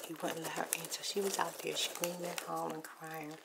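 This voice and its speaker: Eating popcorn right up at the mic, a woman rambles through gossip about a neighbor in an ASMR storytime, alternating whispers with soft speech. Her voice sits low with vocal fry and little pitch movement, she talks fairly quickly, and the recording is very noisy.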